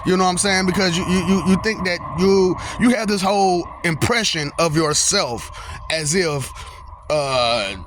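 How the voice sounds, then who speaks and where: A man's voice: sits high, normal speed, fairly bright tone, a little hiss or hum. A young man talking casually to his viewers outdoors, rambling, laughing often and repeating "you know what I'm saying". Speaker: vlogger. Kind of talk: casual monologue to camera. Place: outdoors, windy.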